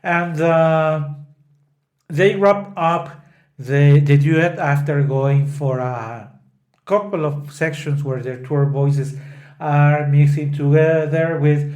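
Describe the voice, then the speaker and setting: A man's voice: on the high side, steady tone, takes it slowly, a little mellow. A man hosting a podcast, retelling an opera scene by scene and breaking into sung snatches of the parts. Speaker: podcast host. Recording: roomy echo.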